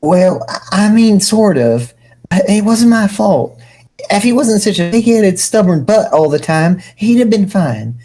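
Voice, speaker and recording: A woman's voice: animated, unhurried, warm tone. A woman voicing a possessed troll prophet. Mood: indignant. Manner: desperate low mutter, then giddy gushing.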